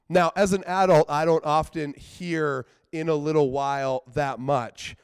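A man from British Columbia preaching a sermon in an earnest, conversational way. He says "like" often and swings between quiet asides and emphatic outbursts. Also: fairly high pitch, a little slow, hardly any pauses, clean tone, dry recording, clean studio sound. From British Columbia, Canada. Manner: earnest, conversational, with frequent filler "like".

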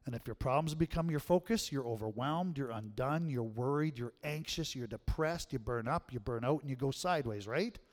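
A middle-aged man preaching a sermon as pastor, swinging from hushed tones to loud, emphatic calls. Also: medium pitch, normal speed, hardly any pauses. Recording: long hall reverb.

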